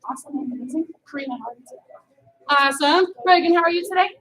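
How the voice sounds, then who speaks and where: A female karate instructor with a strikingly high voice leads a children's class in an indoor studio. Her tone is bright and forceful, upbeat as she calls each student by name. She shouts commands for the drills. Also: racing, reverberant, poor audio.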